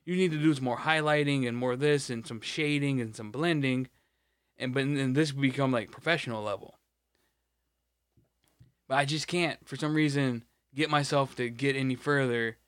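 A man's voice: mid-range voice, moderate pace, clean tone, no room sound. Profane rambling man, dry sound. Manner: rambling, profane, many restarts. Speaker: podcast co-host. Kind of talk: casual chat.

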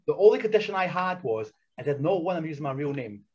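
A man races through his stories in a fairly high, husky voice. He talks in an animated, foul-mouthed way and restarts his sentences often. The recording sounds muffled and lo-fi. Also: fast. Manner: animated, swears freely, many restarts. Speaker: wrestler and coach, podcast guest. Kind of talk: casual storytelling chat.

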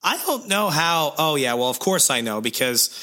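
A man recapping comics as a podcast co-host, laid-back and sarcastic, slightly hoarse, swearing casually. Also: fairly high pitch, big pitch swings, moderate pace, bright, forceful tone. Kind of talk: casual chat.

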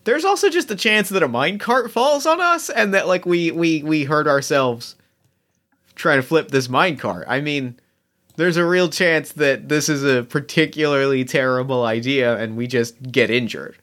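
A man's voice: a little high, moderate pace, fairly bright tone. A man playing a tabletop game, thinking aloud and restarting as he describes his moves. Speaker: player.

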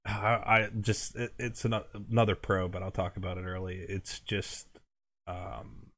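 Podcast co-host, American man, very low voice, loose rambling chat. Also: level tone, a little slow, fairly bright tone. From United States. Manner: rambling, heavy use of filler words. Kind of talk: casual chat.

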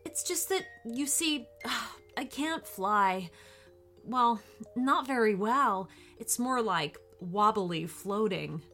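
A woman's voice: fairly high pitch, slow pace, few pauses, a bit bright, faint music behind. A woman voicing a tearful, self-doubting young woman superhero in a storybook reading, apologetic and gushing. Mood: upset.

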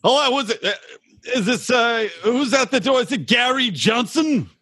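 A man putting on a pompous, brash mock president with a high, wildly swooping sing-song voice. The tone is bright and a little husky, recorded close and dry, as in a comedy podcast. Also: lively intonation, moderate pace, exaggerated voice. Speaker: podcast host. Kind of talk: drunken comedy role-play.

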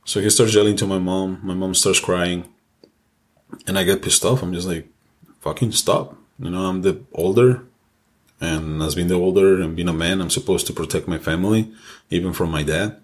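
A young man with a very deep, low voice tells a personal story on a casual podcast. He speaks candidly and with feeling, cursing freely as the memory builds. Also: steady tone, normal speed. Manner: candid, emotional personal storytelling with frequent swearing. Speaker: podcast co-host.

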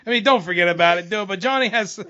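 Brief: male podcast host, bright high voice, excitable and blurting, dull lo-fi sound. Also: fast talker. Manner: excitable, swings from mumbling to loud outbursts. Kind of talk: casual podcast chat.

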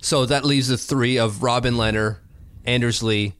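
Another co-host of the laid-back hockey podcast airs his views, often restarting sentences and using fillers. He has a steady, fairly bright, clean mid-range voice at normal speed, recorded in a clean studio with no room sound.

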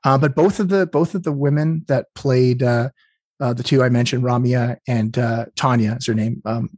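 A man's voice: mid-range voice, fairly even intonation, moderate pace, darkish tone. A man from Canada, a game developer, talking through his choices in an interview, with many restarts and fillers. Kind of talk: interview, conversational.

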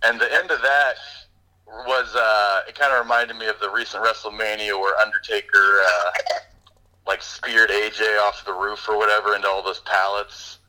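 Podcast co-host, male, lower pitch, crisp forward tone, loose chatty storytelling. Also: normal speed, rough recording. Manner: rambling, animated retelling with fillers. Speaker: podcast co-host reviewing a movie. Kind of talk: casual chat.

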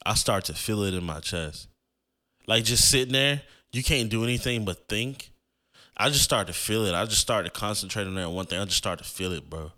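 A man in his twenties hosts a podcast, telling a personal story casually and emotionally, with "like" used constantly as filler. His voice is fairly low, pushed and bright, fairly quick, and lively in intonation.

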